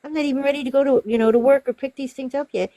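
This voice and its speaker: A woman doing a flustered, high-voiced woman customer. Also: fairly even intonation, moderate pace, no room sound. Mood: indignant. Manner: high, indignant, protesting. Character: flustered, half-awake woman customer insisting she is right.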